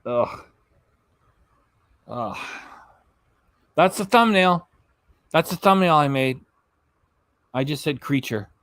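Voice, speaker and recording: A man's voice: fairly high pitch, expressive, takes it slowly, long pauses, fairly bright tone, no room sound. A man hosting a reaction channel, giving blunt, sarcastic commentary over clips and swearing freely.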